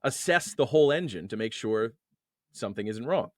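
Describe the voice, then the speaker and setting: A man's voice: medium pitch, lively intonation, moderate pace, dry recording, clean studio sound. A man speaking as a guest in an interview, a coach on men's emotions, who explains his ideas with everyday analogies and lifts his voice on key words. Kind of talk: conversational interview.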